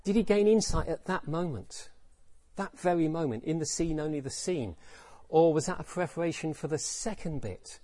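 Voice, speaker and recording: A man's voice: fairly high pitch, moderate pace, warm tone, no room sound. A man giving a reflective dharma talk as teacher, repeating phrases and asking rhetorical questions.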